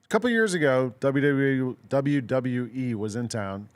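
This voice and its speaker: A man's voice: medium pitch, moderate pace. A man co-hosting a casual sports talk show, telling stories in a rambling way with lots of "like" and "um" fillers. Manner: amused storyteller. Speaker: sports radio co-host.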